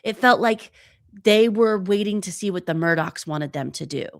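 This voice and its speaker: A woman's voice: mid-range voice, normal speed, no room sound, studio quality. A woman from the San Francisco Bay Area, a podcast guest, talking casually and thinking aloud. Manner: conversational, thinking aloud with restarts. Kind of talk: casual chat.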